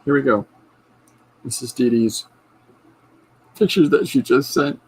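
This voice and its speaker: Husky podcast guy rambling excitedly, lots of ums and restarts. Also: medium pitch, unhurried, poor audio. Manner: rambling, enthusiastic, frequent restarts and fillers. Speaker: podcast host and comic artist. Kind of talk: casual livestream chat.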